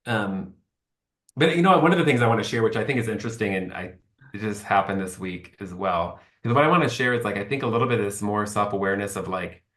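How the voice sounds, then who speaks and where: A man on a podcast tells his story in a loose, candid, rambling way, acting out bits of what people said. His voice sits on the low side, and the room gives it a noticeable echo. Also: fast, fairly bright tone. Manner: rambling and candid, acts out quoted speech. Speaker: podcast guest. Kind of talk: casual conversation.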